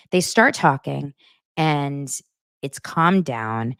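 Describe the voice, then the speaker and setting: A woman's voice: lowish voice, slow pace, smooth, no room sound, clean studio sound. A woman hosting a podcast, recapping a reality show in casual commentary and acting out the cast's lines in mocking voices. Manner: animated, acts out quotes in mocking voices. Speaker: podcast host.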